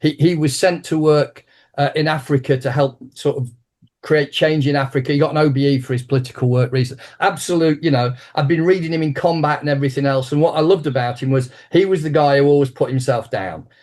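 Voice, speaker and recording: A man in his sixties, an interview guest and martial arts teacher, telling an anecdote with lively restarts. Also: fairly high pitch, a little fast. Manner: animated anecdotal storyteller with frequent restarts. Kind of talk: conversational interview storytelling.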